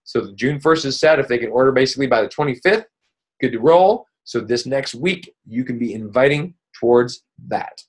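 A man's voice: medium pitch, normal speed, husky. A man hosting a weekly coaching call, talking casually and upbeat, rambling with many fillers and restarts. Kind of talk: casual motivational coaching talk.

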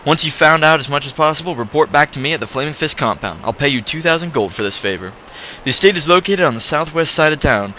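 Brief: a man voicing a grave city guard officer for a game, plain read, bright timbre. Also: on the high side, fast, slight background noise. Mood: earnest. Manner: plain, even reading of game dialogue.

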